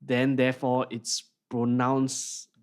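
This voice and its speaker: A man's voice: mid-range voice, monotone, slow pace. A man with a Singaporean English accent co-hosting a podcast, explaining things in a casual, hesitant way while he searches for words. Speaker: podcast co-host. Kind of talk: casual chat.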